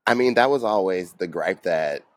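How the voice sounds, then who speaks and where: A man's voice: sits low, animated, moderate pace. A man co-hosting a podcast in casual chat, rambling and profane, laughing through his sentences. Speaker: podcast co-host.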